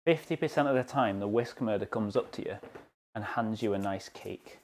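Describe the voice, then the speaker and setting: A young man with a British accent talks through his baking in a home kitchen during a live stream. His voice sits on the low side, and his delivery is loose and chatty, full of self-deprecating jokes. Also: normal speed, slight background noise. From United Kingdom.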